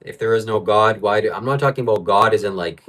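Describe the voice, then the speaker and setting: A man's voice: lowish voice, fast, fairly bright tone. Man, livestream host, frustrated rant, reads viewer comments aloud, home setup. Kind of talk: livestream talk.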